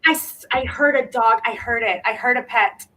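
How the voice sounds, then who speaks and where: A woman with a high voice gives a live spiritual reading as a medium. She talks emphatically and returns to the same words again and again to reassure her listener. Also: fairly quick, sharp tone, rough recording. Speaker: psychic medium.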